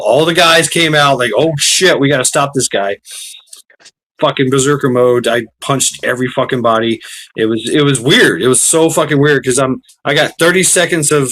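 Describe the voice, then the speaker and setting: Regular-pitched guy, intense sweary storytelling. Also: fairly bright tone, poor audio. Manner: intense, profane storytelling with repetitions. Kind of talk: casual chat on a livestream.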